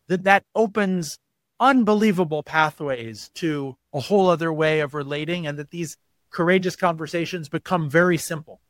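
A man's voice: on the high side, moderate pace, a bit bright, no room sound. A man as an interview guest, explaining at length and acting out quoted voices as he tells stories. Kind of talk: podcast interview.

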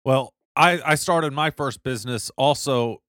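A man interviewing a guest, relaxed, asking short friendly questions. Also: mid-range voice, measured pace, no echo, studio quality. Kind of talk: conversational interview.

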